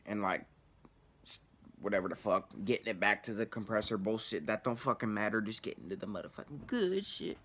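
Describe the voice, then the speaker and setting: A man's voice: mid-range voice, a bit bright. A man telling a story casually, in rambling, profanity-heavy slang. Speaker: vlogger.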